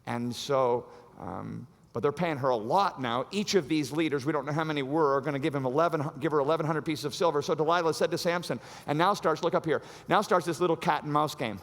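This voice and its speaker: A man preaching a sermon as pastor, animated and acting out the voices of the story. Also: fairly high pitch, brisk. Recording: long hall reverb.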